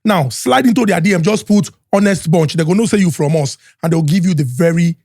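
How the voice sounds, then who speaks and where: A Nigerian man hosting a podcast, doing sponsor reads and hype introductions in an energetic, Pidgin-mixed style with shouted announcements. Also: on the high side, a little fast, no room sound, studio quality. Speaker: podcast host. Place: podcast studio.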